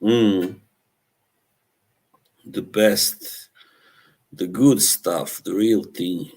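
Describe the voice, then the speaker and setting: A low, darkish male voice with a breathy edge and fairly flat intonation, delivered extremely slowly. He's hosting a live stream, casually reacting to chat, laughing a lot and teasing viewers.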